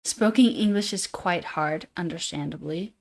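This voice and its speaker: A woman with a Utah accent hosting a livestream, chatting casually in a fairly monotone way and reading chat comments aloud. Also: lowish voice, moderate pace. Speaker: livestream host.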